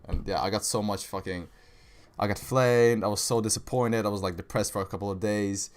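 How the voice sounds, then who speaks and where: A man's voice: lowish voice, steady tone, a little fast. A young man hosting a live trading stream, chatting casually with viewers in slangy speech, saying "bro" and "right" a lot. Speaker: livestream trading host. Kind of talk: casual livestream chat reading viewer questions.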